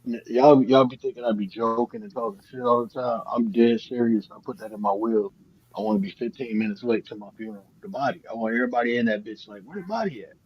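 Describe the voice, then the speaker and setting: A man's voice: mid-range voice, level tone, quick pace, slightly rough, lo-fi sound. A man on a live sports stream, telling laid-back, profane stories in casual chat.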